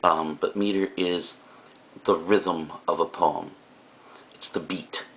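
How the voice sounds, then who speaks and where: In a recorded classroom lecture, a man with a very deep, low voice explains things casually, like a teacher addressing his students, often pausing for fillers and side remarks. His tone is steady and fairly bright, he takes his time, and there's a little hiss or hum.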